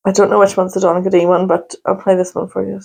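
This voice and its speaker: A woman co-hosting a podcast, talking in a loose, gossipy chat full of laughing asides. Her voice has a gravelly, creaky edge, and she speaks at an ordinary middle pitch. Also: level tone, fast, a little mellow. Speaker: podcast co-host. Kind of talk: casual chat.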